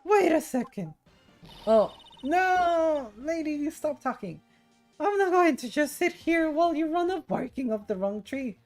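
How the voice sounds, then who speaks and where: A woman voicing a shrill, indignant old woman guard in a courtroom game. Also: expressive, unhurried, a little mellow, faint music behind. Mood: cranky. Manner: screechy and indignant.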